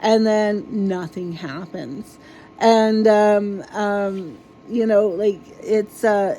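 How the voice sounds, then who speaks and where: A woman's voice: mid-range voice, warm tone, a little hiss or hum, rough recording. A woman vlogger in an exasperated, casual ranting monologue, swearing freely.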